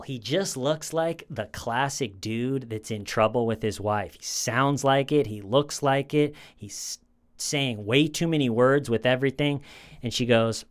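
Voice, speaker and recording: A man talking through a true crime case in a loose, conversational way, circling back over phrases and restarting sentences. His voice sits at an ordinary middle pitch and comes across smooth and resonant. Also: unhurried. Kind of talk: casual commentary retelling an interrogation.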